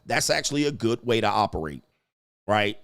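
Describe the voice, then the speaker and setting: A man's voice: fairly low pitch, big pitch swings, moderate pace, creaky, fairly bright tone. A man hosting a live stream, chatting casually, reading viewer donations aloud and laughing often. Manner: loose and joking, reads donor messages aloud, laughs often.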